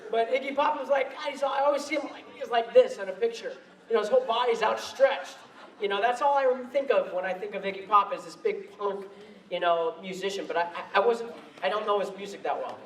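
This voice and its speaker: Animated man telling stories in a hall. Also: extremely high pitch, distant mic. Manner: animated, laughing, self-mocking anecdotes. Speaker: convention guest speaker. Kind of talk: storytelling convention talk. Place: convention hall stage. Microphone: handheld mic. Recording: echoey hall, recorded from afar.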